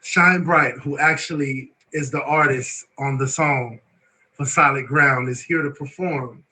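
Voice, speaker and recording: Bright excitable male show host. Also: mid-range voice, a little slow, low-quality recording. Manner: excitable, emotional, repeats words and "you know what I'm saying". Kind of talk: live show hosting, casual chat.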